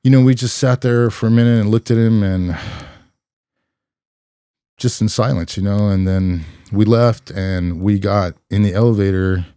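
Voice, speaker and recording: A middle-aged man from California, a former police officer telling his story as a podcast guest in a reflective, unhurried way, with many "you know" fillers. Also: lowish voice, fairly even intonation, warm tone, smooth, no echo, clean studio sound. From California, USA. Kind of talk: conversational storytelling.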